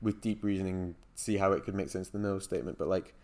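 A man co-hosting a casual podcast thinks aloud in a low, darkish voice with a steady tone, talking fast. He's thoughtful and hedging, full of fillers like "like" and "um".

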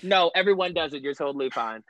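A man speaking as a podcast guest, chatty and upbeat, quick to agree. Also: a little high, lively intonation, a bit bright, dry recording. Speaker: podcast guest, spotlight host. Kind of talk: casual interview chat. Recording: dull, dry remote audio.

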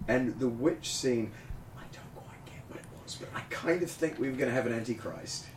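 A man's voice: medium pitch, brisk, roomy sound, whispered, distant mic, rough recording. A man telling stories with lots of laughter in a casual panel chat. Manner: animated, laughing storyteller. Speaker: actor guest.

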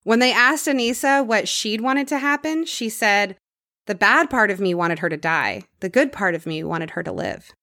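A woman's voice: mid-range voice, expressive, moderate pace, pushed and bright, dry recording, studio quality. A woman hosting a podcast, telling a true crime story in a casual conversational way and dropping her voice for grim details.

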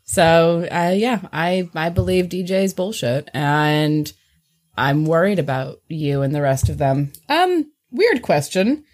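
A woman's voice: low voice, lively intonation, takes it slowly, darkish tone, pitched below the performer's own voice, full character voice. A woman playing a blunt, odd young woman who asks pointed questions in a dry, matter-of-fact way. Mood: wry.

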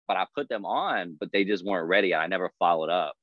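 A man talking casually on a podcast, animated and laughing as he acts out what people said. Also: deep voice, quick pace, few pauses, dry recording, lo-fi sound. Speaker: podcast guest.

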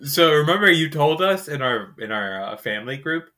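A man's voice: fairly high pitch, sing-song, normal speed, pushed and bright. A man as a podcast guest in casual chat, laid-back, laughing along and acting out imagined dialogue.

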